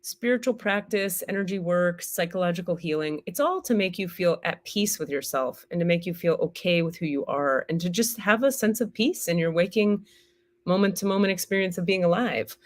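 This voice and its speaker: A woman teaching on a live stream in a candid, casual way, swearing freely and acting out the inner voices she describes. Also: lowish voice. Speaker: spiritual teacher and healer.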